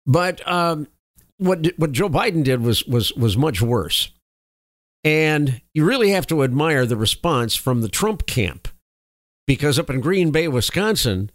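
A man's voice: fairly high pitch, animated, measured pace, dry recording, clean studio sound. A man hosting a political talk radio show in an emphatic, opinionated way.

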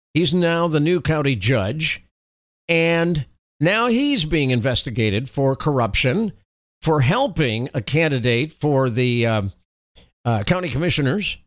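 A man's voice: fairly high pitch, dry recording. A man giving opinionated commentary on political news, reading reports and adding wry, sarcastic asides. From Texas.

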